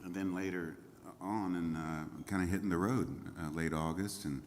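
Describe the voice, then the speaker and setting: Between songs at his livestreamed show, a seated singer-songwriter chats in a low voice at normal speed with fairly even intonation. His stories are easygoing and wandering, heavy on fillers, and a faint guitar can be heard.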